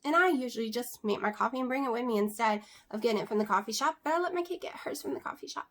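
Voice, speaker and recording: A woman's voice: on the high side, expressive, very fast, few pauses, a bit bright, slight background noise. A woman, chatting casually to camera as a vlogger, rambling with many fillers and asides.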